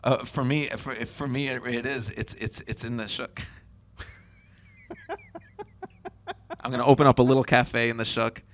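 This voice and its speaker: A man's voice: mid-range voice, level tone, normal speed, long pauses, a bit bright, a little hiss or hum. A man talking reflectively in a casual chat as a co-host, often restarting his sentences and laughing.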